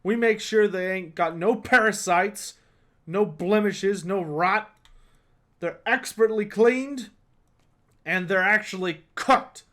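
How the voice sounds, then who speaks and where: A man voicing a large, greasy, scarred innkeeper with one eye, who talks curtly and gruffly in rough grammar. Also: high voice, slow pace, fairly bright tone, voice pushed up.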